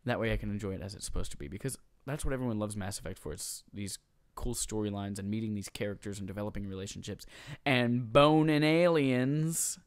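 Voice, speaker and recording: A man's voice: fairly low pitch, quick pace, a little mellow, dry recording. Playful young man co-hosting a podcast. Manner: playful, jokey, reads quiz clues aloud. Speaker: podcast co-host. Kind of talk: casual chat.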